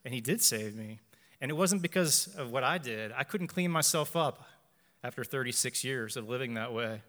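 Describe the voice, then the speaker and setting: A man in his forties gives an earnest personal faith testimony to a church, speaking in measured phrases and repeating lines for emphasis. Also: medium pitch, lively intonation, fairly bright tone, big-room sound. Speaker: church member giving testimony.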